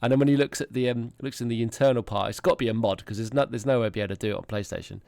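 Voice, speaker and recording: A podcast host in his thirties, speaking over an online call, races along in a mid-range, gravelly, slightly mellow voice with fairly even intonation and no echo. He tells rambling, sweary stories in casual chat, laughing frequently.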